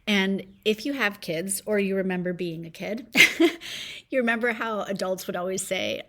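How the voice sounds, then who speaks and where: A woman's voice: medium pitch, moderate pace. A woman in her forties hosting a solo podcast from home, talking in a reflective, upbeat way. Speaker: podcast host.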